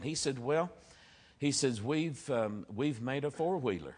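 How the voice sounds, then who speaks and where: A man's voice: mid-range voice, lively intonation, unhurried, breathy edge. A middle-aged man preaching a sermon, telling stories earnestly and leaning hard on key phrases. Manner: storytelling preacher, earnest, varies loudness for emphasis. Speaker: pastor.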